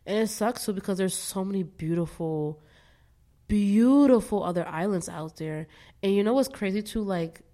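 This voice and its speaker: A woman's voice: medium pitch, moderate pace, mellow. Candid, laughing woman in casual chat. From United States, Caribbean American family from Barbados. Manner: candid, swears freely, laughs often, tangents. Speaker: podcast guest.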